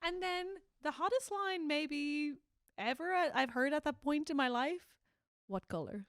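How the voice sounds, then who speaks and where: A woman co-hosting a comedy podcast in casual chat, excitable and quick to laugh. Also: sits high, no echo, clean studio sound. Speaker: podcast co-host.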